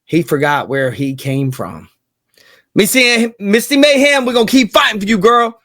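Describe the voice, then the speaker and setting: A man's voice: sits high, very animated, normal speed, sharp tone, no echo, studio quality. A man hosting a casual commentary vlog, hyped and slangy, repeating lines for emphasis. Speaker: channel host.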